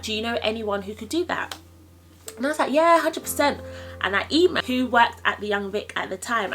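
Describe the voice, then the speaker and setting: A woman's voice: medium pitch, rough recording. A young woman, telling her career story casually and acting out what others said. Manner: animated, acts out quoted voices. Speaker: vlogger.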